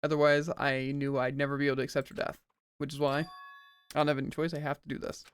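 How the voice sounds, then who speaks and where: A man's voice: medium pitch, completely flat delivery, quick pace, clear, resonant tone. A man streaming a visual novel, reading every character's dialogue aloud himself and adding jokey asides. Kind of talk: let's play, reading game dialogue aloud.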